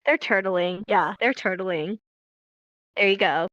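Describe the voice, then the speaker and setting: A woman's voice: mid-range voice, a little slow, fairly bright tone, no echo, highs cut off. A young woman from California teaching sign language on a casual livestream, chatty and laughing often as she acts out examples.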